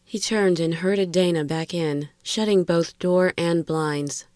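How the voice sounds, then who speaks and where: A woman narrating a horror story in a measured, steady reading. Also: lowish voice, no echo, studio quality.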